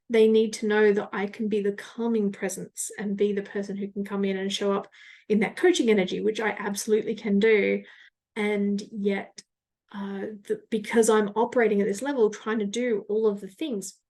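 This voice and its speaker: A woman's voice: medium pitch, a little mellow. A woman hosting a solo podcast, talking in a chatty, rambling, self-reflective way. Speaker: podcast host and business coach.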